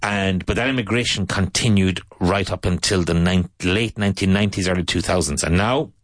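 A man with an Irish accent explaining patiently in casual talk, pausing to search for words, as a teacher. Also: deep voice, no echo.

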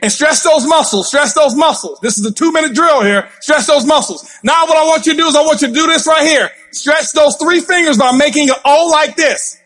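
A man giving a fired-up motivational speech from a stage, intense and passionate, yelling at the crowd. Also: very high voice, fairly quick, hardly any pauses. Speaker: motivational speaker. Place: stage before a live audience.

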